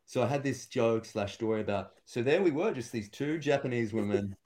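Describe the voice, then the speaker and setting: Man, young adult, stand-up comedian, casual chat, rambling storyteller, middle pitch. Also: brisk, a little mellow. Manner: rambling storyteller, acts out quotes.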